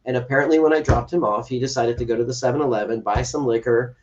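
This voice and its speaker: This is a podcast guest, an adoptive father, talking at a quick pace in a medium-pitched, steady voice. During the interview he tells a sincere personal story and acts out what people said. The sound is faraway and slightly muffled.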